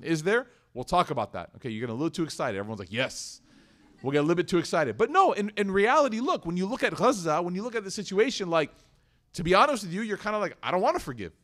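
A man giving a lively sermon to an audience, acting out quoted voices and asking the room questions. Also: a little high. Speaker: religious teacher.

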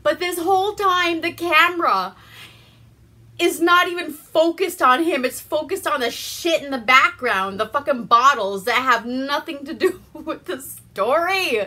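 A woman's voice: sits high, animated, unhurried, bright, forceful tone. A woman from Alaska hosting a casual, profane movie review, laughing often and acting out characters' lines. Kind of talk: casual movie recap with swearing.

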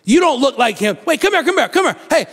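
A man voicing a skeptical male townsman who doubts that a healed beggar is the same man, loud and mocking. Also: sing-song, fast talker, long reverb tail, heavily acted. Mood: incredulous. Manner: loud, incredulous, high-pitched and mocking.

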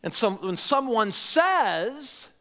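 Here the forties-aged pastor's voice climbs extremely high and turns sing-song, and he takes his time. Pushed and bright, it rings through the large sanctuary while he acts out quoted characters in his sermon.

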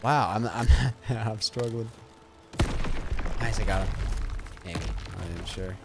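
A young man giving casual, chatty gameplay commentary, swinging between loud hype and quiet muttering. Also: on the low side, a little slow, over loud music. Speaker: gaming YouTuber.

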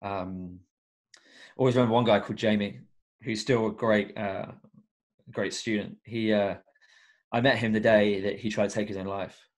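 A young man speaks in a fairly low voice as a podcast guest. He sounds earnest and reflective and fills his talk with frequent ums and likes. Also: steady tone, moderate pace, long pauses. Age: young adult. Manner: earnest and reflective, with many fillers. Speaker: guest, education coach. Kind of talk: casual podcast interview.

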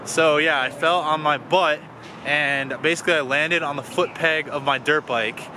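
A young man vlogging a casual food review, animated and ranting with loud exclamations. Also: a little high, moderate pace, a little hiss or hum. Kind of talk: casual vlog chat.

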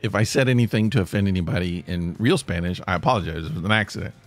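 A man hosting a podcast, telling a funny story in an animated, self-deprecating way and laughing mid-sentence. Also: sits low, fast talker, faint music behind. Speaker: podcast host. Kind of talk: comic storytelling.

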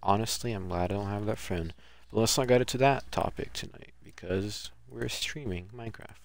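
A man's voice: fairly low pitch, moderate pace, gravelly. A man streaming a video game, commenting live with casual, profane trash-talk at other players.

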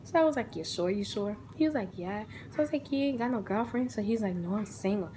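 Young adult woman, casual storytime vlog, animated, acts out each character. Faint noise. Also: medium pitch, fast, poor audio.

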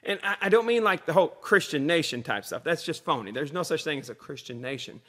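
Pastor, male, slightly higher voice, easygoing sermon delivery. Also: expressive, fast talker, a bit bright. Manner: conversational preaching with repeated refrains.

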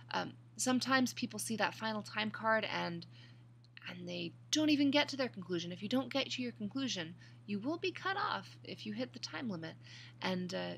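Female speech instructor, mid-range voice with some gravel, clear and emphatic with repeated reminders. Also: medium pitch, pushed and bright, a little hiss or hum. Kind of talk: recorded class instructions.

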